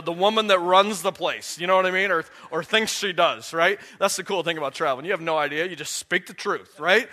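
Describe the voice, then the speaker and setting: A man's voice: a little high, sharp tone. A man giving a sermon as a guest pastor in a church, conversational and joking, then emphatic.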